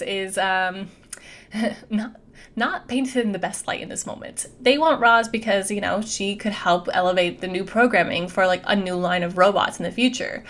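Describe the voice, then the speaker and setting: A young adult woman giving a casual, chatty movie recap, peppering her speech with "like". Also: medium pitch. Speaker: movie reviewer.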